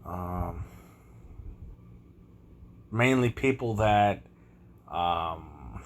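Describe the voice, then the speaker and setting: A man's voice: low voice, lively intonation, very slow. A man vlogging a ranting monologue in a scornful, conspiratorial tone, chuckling often as he talks.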